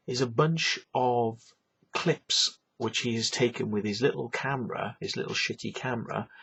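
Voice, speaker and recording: A man's voice: mid-range voice, creaky, fairly bright tone, slightly rough, highs cut off. A man ranting on his vlog, profane, sarcastic and rambling. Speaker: vlogger. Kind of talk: ranting monologue.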